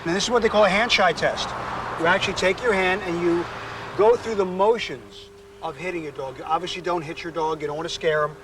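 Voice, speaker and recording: High-voiced man dog trainer, explains steps conversationally, outdoor street noise behind. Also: steady tone, brisk. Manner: chatty, explanatory, goes high and sing-song coaxing the dog. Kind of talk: on-location dog training demo.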